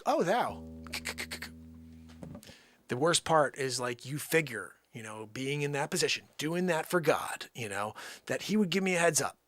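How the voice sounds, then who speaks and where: A man hosting a livestream, telling a rambling comic story and swinging from low mutters to loud outbursts. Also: animated, normal speed, a little hiss or hum. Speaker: livestream host.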